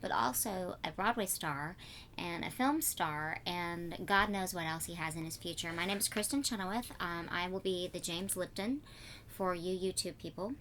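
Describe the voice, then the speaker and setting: A woman's voice: fairly low pitch, moderate pace, fairly bright tone, slight background noise. A woman interviewing a guest in a trailer on a TV set, bubbly and teasing, with playful asides.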